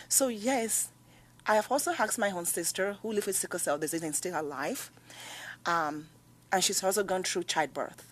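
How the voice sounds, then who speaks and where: A woman giving testimony at a committee hearing as a patient advocate, her voice at a middling pitch. She speaks earnestly, recounting stories and pressing her points with growing emphasis. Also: moderate pace.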